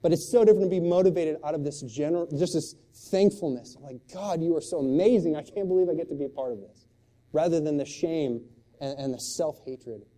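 Male pastor, middle-aged, sermon, very dark mellow tone, impassioned, hushed storytelling. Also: on the high side, a little fast. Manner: impassioned, swings from loud exclamations to hushed storytelling.

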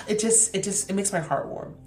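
A young woman hosting a podcast, sharing a casual, heartfelt devotional reflection with slang and emphatic repeats, her voice going a bit hoarse. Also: medium pitch, normal speed, fairly bright tone, faint music behind. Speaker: podcast host.

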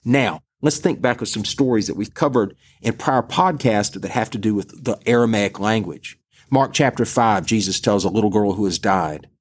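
A man's voice: lowish voice, moderate pace. A middle-aged man, a priest giving a podcast Bible teaching in a conversational storytelling manner. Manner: conversational storytelling, relaxed asides.

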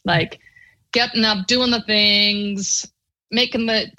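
A middle-aged woman from Ireland with an Irish accent, a podcast guest telling her personal story in an earnest, animated way. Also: mid-range voice, slow, low-quality recording.

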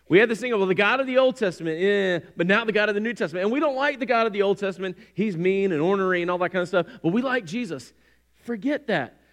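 A man preaching a sermon, animated and conversational, acting out quoted voices. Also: high-pitched. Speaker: pastor.

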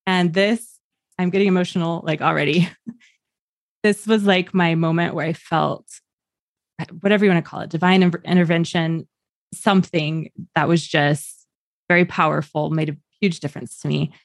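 Animated woman recounting a story, dry sound. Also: fairly low pitch, normal speed, no echo. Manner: animated, acts out the people in her story, laughs often. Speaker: podcast guest sharing her birth story. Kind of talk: casual storytelling.

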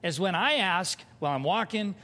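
A man preaching a sermon as pastor, animated and conversational, with humor. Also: sits high, moderate pace. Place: church sanctuary. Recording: hall reverb.

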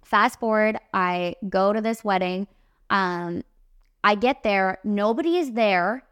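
A young woman in her twenties, a makeup artist hosting a podcast, telling a story in a casual, animated, emphatic way. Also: mid-range voice, takes it slowly, clear, resonant tone, dry recording.

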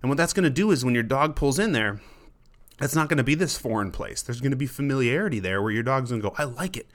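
A man's voice: mid-range voice, animated, quick pace. A man, a dog trainer, hosting a casual advice podcast in a conversational way, often restarting words and acting out what a dog might think. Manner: conversational, repeats himself, acts out the dog's thoughts in quotes.

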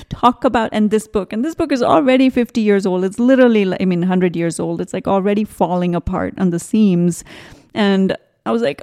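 A woman in her forties hosts a spiritual podcast in a gentle, rambling way. She drifts into side stories and restarts her sentences. Her voice is mellow and sits at a middle pitch. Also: moderate pace. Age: 40s. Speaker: podcast host. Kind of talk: casual spiritual podcast talk.

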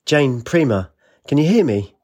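A man voicing a brave young woman heroine, earnest and gentle. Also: medium pitch, sing-song, a little slow, pitched above the performer's own voice. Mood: worried. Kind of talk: audiobook character voice.

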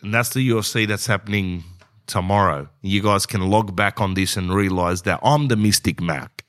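A man's voice: lowish voice, fairly bright tone. Rambling man telling a comic story. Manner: rambling, says "bro" often, acts out both sides of dialogue. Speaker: comedian.

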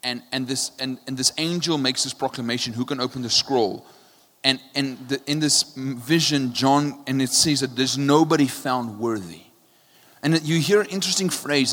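A male pastor preaching a passionate sermon, his voice swinging from quiet and low to loud, often checking in with "right?". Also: a little slow. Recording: long hall reverb.

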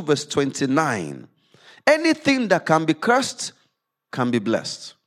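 A male preacher delivers a sermon with a lively, swooping delivery that climbs high on the scripture lines and drops low for the explanation. His voice sits somewhat high for a man. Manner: reads scripture aloud with rising emphasis, then drops low to explain. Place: church service.

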